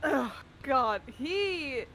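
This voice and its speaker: A woman's voice: high-pitched, animated, extremely slow, a loud crowd. A woman player in a tabletop game describing her character's actions hesitantly, with many fillers.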